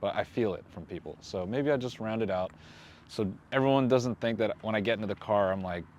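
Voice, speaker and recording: A man's voice: fairly low pitch, fairly quick, a little mellow, dull audio, slight background noise. A man who is a comedian, guesting on a podcast and riffing in a self-deprecating way. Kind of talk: casual comedic chat.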